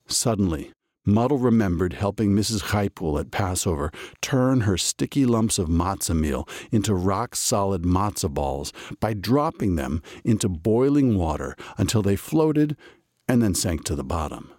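A man reading a storybook aloud with a low voice. His pitch rises and falls widely as he tells the story. The sound is close and dry. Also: normal speed, no room sound. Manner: lively, expressive storytelling. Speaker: narrator.

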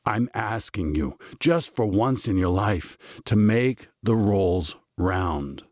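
A man's voice: on the low side, animated, takes it slowly, a little mellow, dry recording, clean studio sound. A man voicing an exasperated, bossy master baker in a storybook reading, talking in an insistent, emphatic way.

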